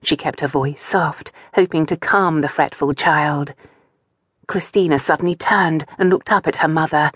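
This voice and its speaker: Low-voiced woman narrating calmly. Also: husky, no echo, clean studio sound. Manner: calm, measured storytelling. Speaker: audiobook narrator. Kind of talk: scripted narration.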